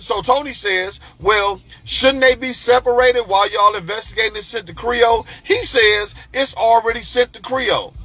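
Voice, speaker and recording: Animated, profane storyteller, high bright voice. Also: male voice, normal speed, hardly any pauses, dry recording, soft background music. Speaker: podcast host telling a personal story. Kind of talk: casual storytelling monologue.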